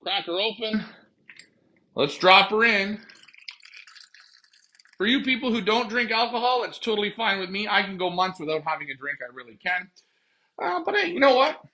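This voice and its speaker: A man with a high, bright voice hosts a casual pigeon racing live stream, cracking jokes and rambling to his viewers. He talks into a phone he carries while walking out to his backyard loft at night. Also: animated, normal speed, long pauses. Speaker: pigeon racing show host.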